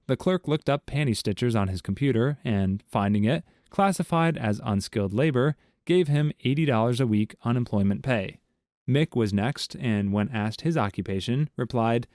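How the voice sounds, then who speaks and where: A man reading short jokes aloud as scripted narration, with a steady storytelling delivery. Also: medium pitch, normal speed, no echo, clean studio sound. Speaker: joke narrator.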